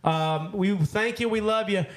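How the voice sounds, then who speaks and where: A man hosting a podcast, chatting loosely and jokingly with drawn-out uh's between phrases. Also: high-pitched. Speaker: podcast host. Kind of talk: casual chat.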